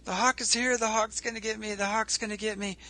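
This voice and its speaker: A man's voice: steady tone, moderate pace, pushed and bright, exaggerated voice. A man voicing a small panicking rabbit that screams as it flees a hawk, in a story told on a talk show. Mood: panicked. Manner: frantic, high-pitched screaming.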